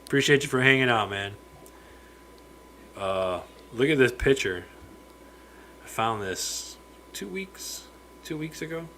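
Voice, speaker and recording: A man's voice: mid-range voice, lively intonation, slow, pauses often, pushed and bright, a little hiss or hum, poor audio. A man hosting a casual live stream from his fish room, chatting freely, greeting viewers by name and stumbling over words now and then. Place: home fish room with aquariums.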